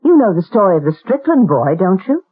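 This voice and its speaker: Brisk, husky practical woman. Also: mid-range voice, big pitch swings. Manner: brisk, matter-of-fact. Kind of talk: 1970s radio drama acting. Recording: tinny old radio broadcast.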